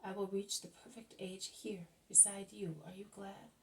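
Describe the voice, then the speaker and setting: A woman voicing a gentle, weary grown son who speaks quietly in a spoken book reading. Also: mid-range voice, steady tone, moderate pace, vocal fry, recorded from a distance, slight background noise, lightly acted, low-quality recording.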